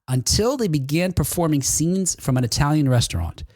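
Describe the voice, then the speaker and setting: A man's voice: fairly high pitch, expressive, brisk, darkish tone, no room sound, clean studio sound. A man co-hosting a casual chat show, telling stories and laughing often. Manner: chatty storyteller, laughs often. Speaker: podcast co-host.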